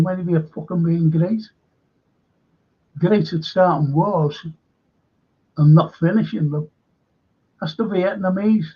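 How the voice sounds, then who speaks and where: A man's voice: sits high, slow pace, pauses often, husky, dull audio. A man hosting a live-stream current-affairs show, ranting with plenty of swearing and greeting viewers in the chat.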